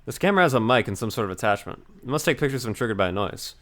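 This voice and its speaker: A man voicing a dry, weary young male lawyer in a game, speaking in a deadpan, flat manner. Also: mid-range voice, very fast, pitched below the performer's own voice, lightly acted. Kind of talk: reading game dialogue aloud.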